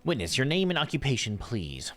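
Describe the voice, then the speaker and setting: A man's voice: medium pitch, wildly swooping pitch, fairly quick, noisy background, voice pushed up. A man voicing a stern older male judge who speaks in formal pronouncements.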